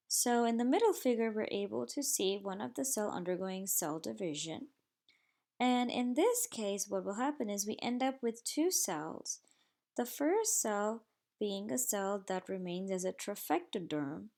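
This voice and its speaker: Woman, recorded slide lecture, gravelly voice, measured and explanatory. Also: mid-range voice, darkish tone.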